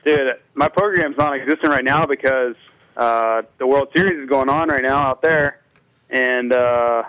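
A laid-back man from Florida talks about racing in easygoing slang. His voice sits in a middle pitch, and the sound is dry and close. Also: normal speed, fairly bright tone, no echo, highs cut off. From Florida, USA. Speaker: guest racer. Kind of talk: casual interview chat.

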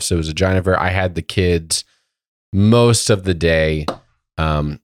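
Male podcast co-host, very deep and dry, slightly sick, rambling and casual. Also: darkish tone, no room sound. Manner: rambling storytelling with many fillers. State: voice lowered by a cold. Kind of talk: casual chat.

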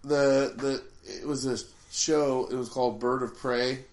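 A man's voice: mid-range voice, steady tone, unhurried, darkish tone, reverberant. A man casually chatting as a podcast co-host, rambling with many restarts. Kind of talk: casual chat.

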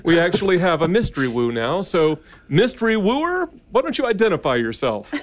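A man's voice: sits high, big pitch swings, a little fast, a little hiss or hum. A man co-hosting a podcast in casual chat, playful and talkative, explaining things at length. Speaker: podcast co-host.

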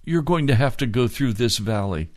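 An older man preaching a sermon as pastor, earnest and pleading, with slow drawn-out phrases. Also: medium pitch, expressive.

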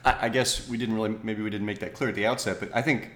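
A man with a lowish voice explains skincare ingredients on a podcast, recorded in a noticeably roomy, echoing space. He talks it through thoughtfully, stops to correct himself, and drops in small jokes. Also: fairly even intonation, fast talker, fairly bright tone. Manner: thoughtful, self-correcting, jokey asides. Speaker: podcast co-host. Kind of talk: casual science chat.

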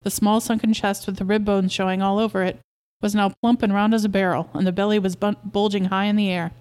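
A woman hosting a podcast, narrating a short story aloud at a steady, measured pace. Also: medium pitch, smooth. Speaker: podcast host reading a story. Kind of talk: story reading.

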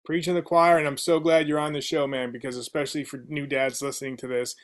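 A man's voice: fairly high pitch, flat delivery, fast. A man hosting a podcast interview, enthusiastic and casual, peppering his questions with "like" and "man". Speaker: podcast host. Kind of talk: conversational interview.

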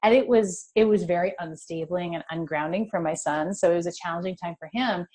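A woman's voice: lowish voice, brisk. Middle-aged woman telling a heartfelt story. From California. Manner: animated, emotional storytelling with laughter. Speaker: guest. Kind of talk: personal storytelling interview.

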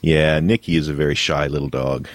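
Very deep-voiced, easygoing podcast host. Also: male voice, steady tone, no echo. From Ohio. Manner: easygoing, halting, laughs often. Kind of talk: casual podcast conversation.

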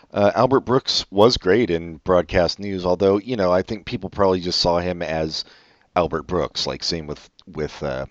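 Very deep-voiced man in casual chat. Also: no room sound. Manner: rambling, trailing off, swears at slips. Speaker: podcast co-host. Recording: dry, dull lo-fi sound.

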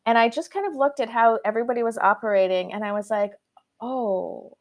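A woman from Canada, a guest author, telling her story in an animated way with frequent restarts. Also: fairly high pitch, quick pace. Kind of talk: conversational storytelling.

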